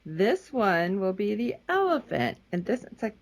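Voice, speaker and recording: A man co-hosting a podcast, chiming in with relaxed, agreeable short reactions. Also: sits high, unhurried. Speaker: podcast co-host. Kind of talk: casual recap chat.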